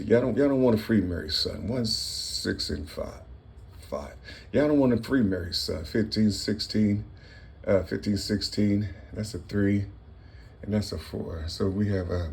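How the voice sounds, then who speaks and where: A man in his fifties gives a passionate, wandering monologue, lurching from loud outbursts to quiet mutters and saying the same things over again.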